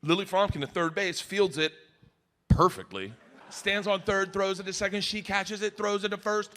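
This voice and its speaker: Bright, lively stand-up comic. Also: male voice, sits high, moderate pace. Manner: lively storytelling with voiced characters. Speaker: stand-up comedian. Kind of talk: stand-up comedy.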